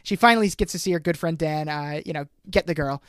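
A man's voice: on the high side, fast talker, a bit bright, smooth, dry recording. A man hosting a podcast, recapping an episode in casual chat and acting out the characters' lines for laughs. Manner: jokey, acts out characters' lines. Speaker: podcast host.

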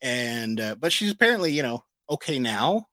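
Man, co-host, bright voice, dry close sound, casual news chat with lots of uh. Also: medium pitch, sing-song, moderate pace, no echo. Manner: reads out news items with many uh fillers. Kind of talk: casual chat about comic and pop news.

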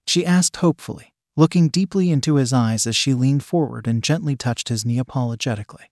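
A man narrating a story in an even, unhurried reading voice. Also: medium pitch, dry recording, clean studio sound.

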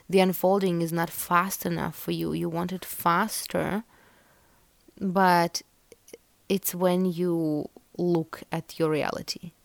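Slow, soft-spoken woman podcast host. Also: lowish voice, creaky, no room sound. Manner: meandering, many "like" fillers. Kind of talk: casual chat and collective tarot reading.

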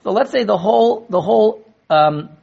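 Talmud class teacher, man, lively and a bit high, stumbles into quick restarts, muffled lo-fi sound. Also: gravelly, breathy edge. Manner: animated, acts out quoted dialogue; repeats words in quick restarts. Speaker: Torah teacher.

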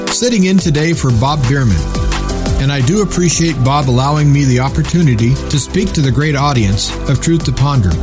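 A man's voice: medium pitch, a little fast, over music. A man sitting in as guest host on a talk radio show, delivering earnest, opinionated commentary in long run-on sentences.

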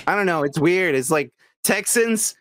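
A young man with a mid-pitched voice that rises and falls a lot, teasing his co-host in a casual podcast chat. The sound is close and dry. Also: no room sound. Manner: animated, teasing, quick to mock.

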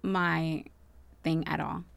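Woman, casual couple chat, low-pitched, smooth tone, soft-spoken. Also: level tone, slow pace, no echo.

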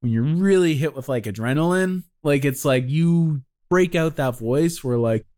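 A man's voice: on the high side, moderate pace, mellow. A male podcast co-host talking in long, opinionated runs and swearing freely in casual chat.

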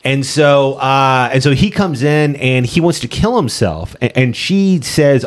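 A man's voice: medium pitch, animated, unhurried, hardly any pauses. A man co-hosting a casual podcast, talking through shows and movies with many fillers and restarts. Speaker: podcast co-host.

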